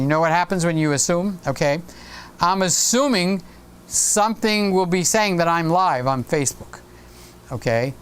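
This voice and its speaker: A man's voice: high-pitched, clean tone. A man in his sixties hosting a casual live stream, rambling chattily and reading viewer comments aloud. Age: 60s.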